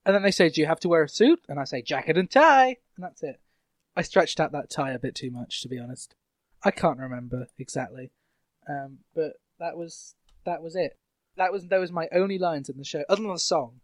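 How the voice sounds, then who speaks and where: A young man hosts a podcast in loose, joking chat, laughing between lines. His voice sits a touch high for a man. The sound is close and dry, with no room echo. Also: a little fast. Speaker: podcast host. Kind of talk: casual chat.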